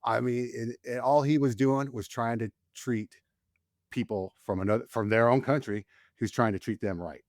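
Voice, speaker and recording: Man, forties, veteran podcast guest, candid storyteller, ordinary middle pitch, dry close sound. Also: normal speed, no echo. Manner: animated, rises in pitch when reliving tense moments. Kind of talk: candid storytelling in casual conversation.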